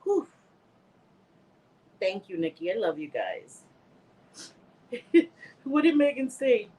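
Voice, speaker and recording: A woman's voice: fairly high pitch, very animated, slow pace, mellow, low-quality recording. A woman hosting a casual livestream, emotional and teary but laughing through it, heartfelt and rambling as she answers viewers, still getting over a bad cold. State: recovering from a bad cold, slightly stuffy. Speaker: livestream host. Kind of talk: casual livestream chat reading viewer comments.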